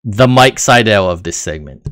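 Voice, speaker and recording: A man's voice: lowish voice, animated, normal speed, a bit bright, no room sound. A man co-hosting a casual wrestling recap podcast, rambling and laughing as he retells the action. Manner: rambling, laughs while recounting. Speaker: podcast co-host.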